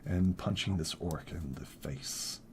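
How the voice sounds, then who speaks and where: A man's voice: sits low, slow, a little hiss or hum. A man running a tabletop game as game master, narrating in a casual way with many fillers.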